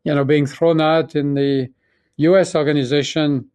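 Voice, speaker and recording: A man in his sixties from France with a French accent, speaking as an interview guest and telling his story in a reflective, halting way with many restarts. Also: a little high, steady tone, a little mellow, no echo. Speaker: guest, pharmaceutical chief executive. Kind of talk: conversational interview.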